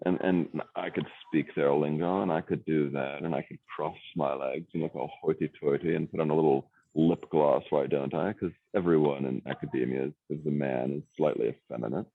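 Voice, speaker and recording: A man with an extremely deep, gravelly voice, rambling and restarting as he searches for his words in casual conversation. The sound is dry and tinny, like a phone line. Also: fairly even intonation, a little fast, few pauses.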